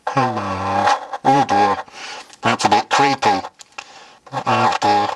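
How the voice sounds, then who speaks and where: A man talks through a cheap electronic voice changer, reacting with amused unease to how he sounds. The processed voice comes out low, slow and flat. A loud hiss sits under every word. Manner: amused, wary commentary on his own changed voice.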